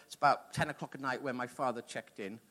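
A middle-aged man preaching a sermon, telling a personal story in an animated, conversational way. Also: medium pitch, quick pace.

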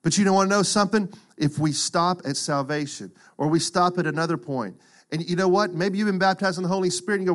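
A middle-aged man preaching a sermon, acting out quotes and swinging from loud to hushed. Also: high-pitched, quick pace. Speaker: pastor.

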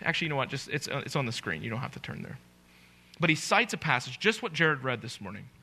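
A man's voice: medium pitch, bright, forceful tone. A male pastor preaching a sermon, emphatic and full of rhetorical questions to his congregation.

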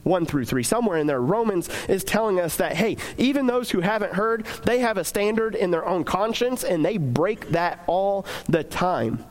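Young male preacher with a high voice, conversational delivery that slips into acted-out inner voices. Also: animated, normal speed, hardly any pauses. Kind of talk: casual sermon.

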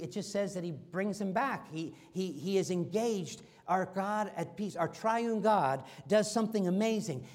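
A middle-aged man preaching a sermon as pastor, swinging from loud emphatic lines to soft, slow, hushed ones. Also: sits high.

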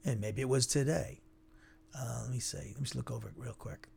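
Gravelly man teaching an informal Bible lesson. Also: medium pitch, brisk, darkish tone, faint music behind. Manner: conversational and digressive, thinking aloud.

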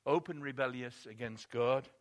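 A man's voice: mid-range voice, normal speed. A man preaching a sermon, telling a story expressively and building emphasis on key points.

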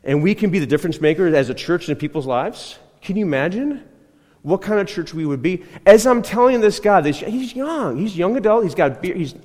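A man's voice: high voice, expressive, a little fast, a little mellow, in a large hall. A man preaching a conversational sermon as pastor, telling a personal story, repeating himself and often checking in with the congregation. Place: church.

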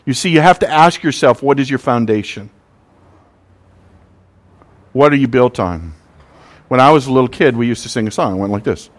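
A man's voice: mid-range voice, animated, moderate pace, long pauses. A man preaching a sermon, telling stories and acting out the voices in them. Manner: preaching with scripture readings and sung verses. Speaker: pastor.

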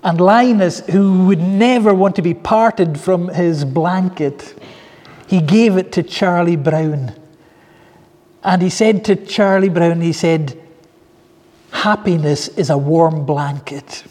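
A man preaching a sermon, telling stories in an earnest, heartfelt way with soft asides. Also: sits high, slow pace, big-room sound. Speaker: pastor.

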